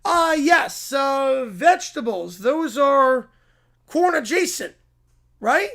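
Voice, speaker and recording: A man playing a goofy young man who shouts the same corn pun catchphrase again and again, in a comedic read-aloud. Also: very high voice, sing-song, slow pace, gravelly, heavily acted. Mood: goofy, shouting.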